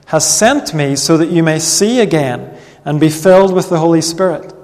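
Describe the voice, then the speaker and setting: A man preaching a sermon in an earnest, measured way, reading Bible passages aloud. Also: fairly high pitch, animated, a little mellow. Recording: long reverb of a hall.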